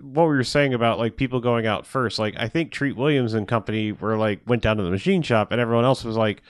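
A man's voice: mid-range voice, fast talker, no room sound, studio quality. A man on a podcast recapping a movie in casual chat, rambling, swearing often and laughing as he retells scenes. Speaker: podcast co-host.

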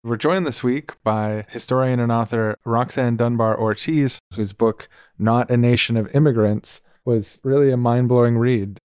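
A man's voice: medium pitch, steady tone, normal speed, few pauses, a little mellow, clear, resonant tone, dry recording, studio quality. A man co-hosting a podcast, explaining terms and chatting in an earnest way. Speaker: podcast co-host. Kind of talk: casual podcast chat.

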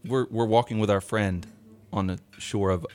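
A man co-hosting a podcast, telling lively stories in casual chat and laughing often. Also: on the low side, moderate pace. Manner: animated storyteller, laughs often. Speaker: podcast co-host.

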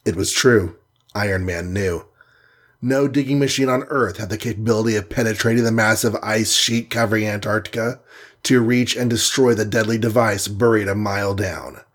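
A man reading an adventure story aloud with dramatic storybook narration. His voice sits lowish and has a husky grain. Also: steady tone, normal speed, a bit bright.

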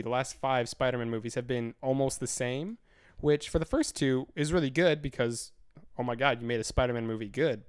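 A man's voice: mid-range voice, darkish tone, smooth. A man co-hosting a casual movie chat, rambling with lots of fillers and restarts. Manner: rambling, filler-heavy, self-correcting. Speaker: co-host.

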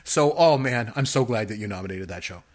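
A man co-hosting a podcast, chatting casually and telling animated stories while laughing at them. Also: fairly low pitch, brisk. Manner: animated storytelling, laughs at his own stories. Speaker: podcast co-host. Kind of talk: casual chat.

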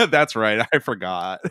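A man's voice: fairly high pitch, sharp tone, no echo. Man, podcast co-host, casual rambling chat, tipsy, laughs a lot, dry close sound. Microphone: studio mic.

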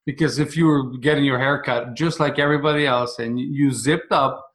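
A man's voice: mid-range voice, fairly even intonation, normal speed, fairly bright tone. A man hosting a podcast, asking questions and offering brief, affirming responses. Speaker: podcast host. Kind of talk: interview questions and encouragement.

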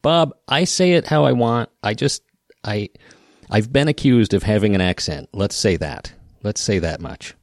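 A man with a lowish voice and lively intonation speaks at a moderate pace on his casual podcast, which he hosts with a rural Western Midwest American accent. He rambles wryly, often breaking off and beginning again. The recording is studio quality with no echo.

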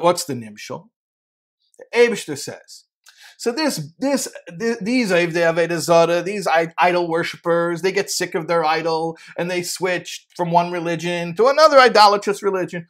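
A man giving a Torah sermon built around a told parable, animated, often stammering and repeating words. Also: sits high, normal speed. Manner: laughs while telling. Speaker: Torah teacher.

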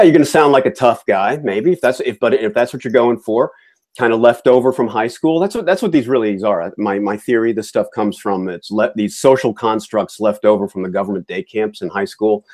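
A man hosting a podcast gives his opinions in an easygoing, talkative way, using a fairly low, slightly mellow voice at normal speed. He often uses fillers and restarts his phrases.

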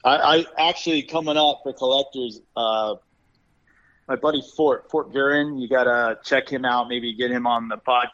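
A man's voice: mid-range voice, steady tone, normal speed, fairly bright tone. A man from Arizona, a guest artist, talking enthusiastically over the phone in a casual interview. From Arizona, USA. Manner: enthusiastic, rambling with restarts. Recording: dull phone-line sound.

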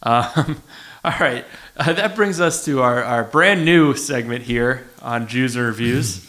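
A man's voice: medium pitch, a little slow, fairly bright tone. A man co-hosting a movie podcast in casual chat, bantering and self-deprecating. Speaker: podcast co-host.

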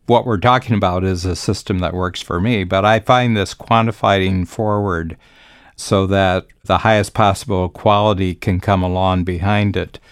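An older man who coaches business and hosts a podcast speaks in a very low, gravelly voice with easy confidence, talking conversationally in long, reflective stretches. The sound is close and dry with no room ambience.

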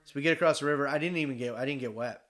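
A very fast-talking Michigan man with a mid-range voice shares a hunting tale in casual chat. Animated and freely swearing, he performs the voices of the people in it.

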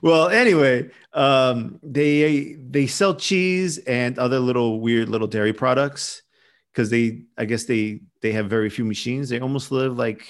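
A man's voice: medium pitch, unhurried. A man hosting a podcast, telling stories in a rambling, chatty way with lots of restarts. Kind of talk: casual chat.

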